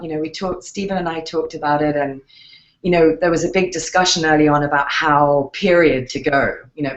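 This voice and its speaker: A woman's voice: deep voice, highs cut off. A woman with an English accent, answering interview questions thoughtfully, with frequent fillers and restarts. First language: English accent in real speech. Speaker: actress interviewed as guest.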